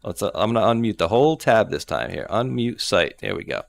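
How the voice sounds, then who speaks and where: A man's voice: fairly low pitch, very animated, a little fast, vocal fry. A man hosting a livestream show, chatting casually and telling rambling, jokey stories.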